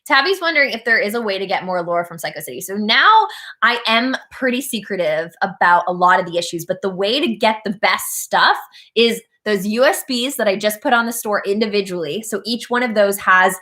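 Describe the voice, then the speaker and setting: Bright giggly woman. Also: medium pitch, animated, a little fast. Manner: chatty and giggly, tells stories with lots of fillers. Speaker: band singer hosting a birthday livestream. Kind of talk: casual livestream chat.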